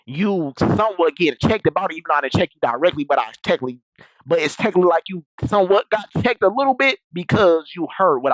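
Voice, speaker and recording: A man's voice: on the high side, no room sound, rough recording. A young man telling a story in casual, rambling talk, full of slang and repeated restarts.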